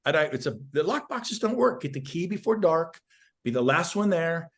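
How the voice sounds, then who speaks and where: A man's voice: fairly high pitch, big pitch swings, moderate pace. A man, a real estate agent guest, giving intense, fired-up sales advice on a podcast interview.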